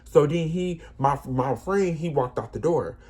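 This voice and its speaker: A man casually telling a personal story, animated and emphatic, often repeating himself. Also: a little high, unhurried, slightly rough. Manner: animated, repetitive, emphatic retelling.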